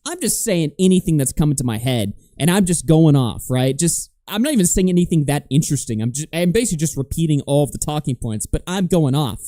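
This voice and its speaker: A man streaming live, venting in a heated, profane rant before moving on to read viewer donations. His voice sits a little high for a man but has a mellow, soft-edged tone. The close mic leaves the sound dry, with no room echo. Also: expressive, brisk, few pauses. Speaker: livestream host. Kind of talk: casual livestream rant and reading donations.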